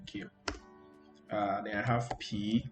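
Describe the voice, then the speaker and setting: This coding instructor speaks slowly in a lowish voice with little pitch movement, music running underneath. Walking through a screen recording, he keeps things loose and repetitive, saying "okay, so" often between steps, all in a room with noticeable echo.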